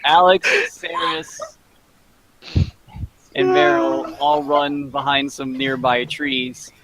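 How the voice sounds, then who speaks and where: A man narrating as dungeon master for a tabletop game, halting with many fillers. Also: mid-range voice, little pitch movement, a bit bright, rough recording.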